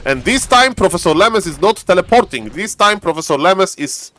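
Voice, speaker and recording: Playful male esports caster, slightly high voice. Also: sing-song, moderate pace, a bit bright. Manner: playful, acts out players' thoughts in banter. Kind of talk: live game commentary.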